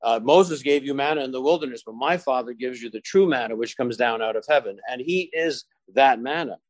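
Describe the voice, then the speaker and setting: A man preaching a slow, deliberate sermon. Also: mid-range voice, no echo. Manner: slows down and stresses key phrases when quoting scripture.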